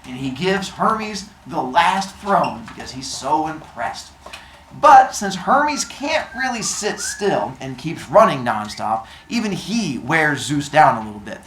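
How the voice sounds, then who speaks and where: A man's voice: a little high, big pitch swings, takes it slowly, a bit bright, a little hiss or hum. A man hosting a show, retelling myths comically with goofy sound effects and silly noises. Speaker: storyteller host. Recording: roomy echo.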